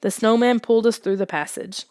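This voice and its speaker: A woman narrating a children's suspense story in a soft, hushed audiobook reading. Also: on the high side, a little fast, dry recording, clean studio sound.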